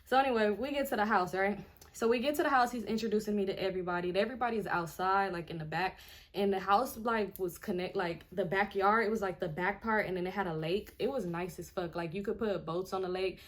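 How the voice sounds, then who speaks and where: A woman in her twenties telling a storytime in a chatty, animated way, full of "like" and acting out what people said. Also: mid-range voice, quick pace. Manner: chatty, animated, heavy on filler "like", acts out others' lines. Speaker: vlogger. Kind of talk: casual storytime.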